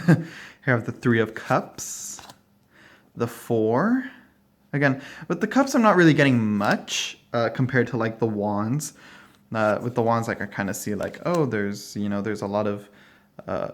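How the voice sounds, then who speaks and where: A man at home talks casually through a card deck, rambling and thinking aloud. He fills pauses with "uh" and "you know" and laughs briefly now and then. His voice sits at a middling pitch. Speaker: tarot deck reviewer. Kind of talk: casual walkthrough talk. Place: at home, dog barking nearby.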